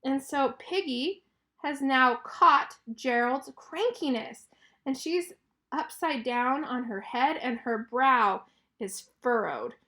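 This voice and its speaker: Bright, high-voiced woman teaching. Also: animated, slow pace. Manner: clear, explanatory and encouraging. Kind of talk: reading a picture book aloud to children.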